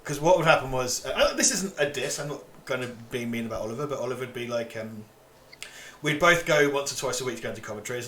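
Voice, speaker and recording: A man's voice: medium pitch, expressive, quick pace, sharp tone, slight background noise. A man from England chatting casually as co-host of a livestream, rambling, swearing and laughing often.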